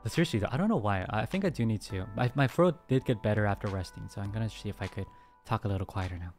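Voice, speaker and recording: A man's voice: lowish voice, fast, soft background music. Man with a sore throat, casual streamer chat. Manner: rambling, restarts, soft laughs.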